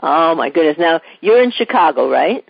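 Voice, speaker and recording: A radio host with a husky voice, enthusiastic and encouraging toward the guest. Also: mid-range voice, big pitch swings, moderate pace, dry recording. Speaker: interview host. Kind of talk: conversational interview. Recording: dry, muffled radio broadcast.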